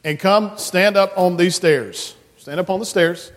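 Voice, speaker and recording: Man, high voice, slow and coaxing, children's sermon, church sanctuary, long reverb. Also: fairly bright tone. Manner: coaxing, playful, speaks to children. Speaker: children's message leader.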